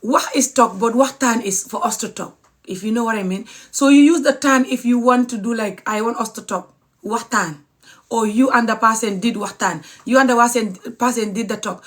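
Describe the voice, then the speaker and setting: A woman giving a casual language lesson on social media, talking to her viewers, repeating words and spelling them out letter by letter. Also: a little high. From Gambia. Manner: chatty, addresses viewers as guys. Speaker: language teacher.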